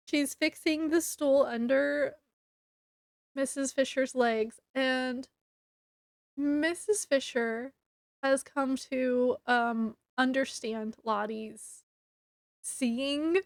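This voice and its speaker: High-voiced chatty woman, unhurried. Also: no room sound, studio quality. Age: adult with a child. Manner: chatty retelling with many "like"s and laughs. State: allergies, sniffly. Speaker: book reviewer. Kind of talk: casual book review vlog.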